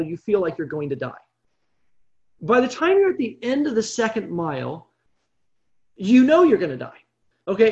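Animated Bible study leader, lo-fi sound. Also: mid-range voice. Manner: animated storytelling with frequent check-ins. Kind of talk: evening online Bible study.

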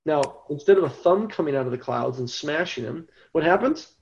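A Bible teacher with a high-sitting, expressive, gravelly voice gives a conversational Bible study lecture at a normal speed, constantly checking in with "right?". The audio sounds dull.

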